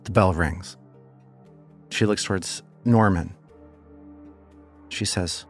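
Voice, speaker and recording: A man narrating as game master of a tabletop game, lively and chatty. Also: deep voice, takes it slowly, pauses often, faint music behind. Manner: lively, animated storytelling.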